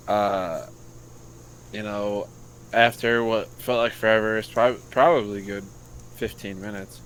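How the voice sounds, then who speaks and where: A casual, profane American man spins a long story in a bright, sharp voice. His pitch sits a little low. A faint hiss runs under the recording. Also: poor audio. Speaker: podcast co-host, youth football coach. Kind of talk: casual chat.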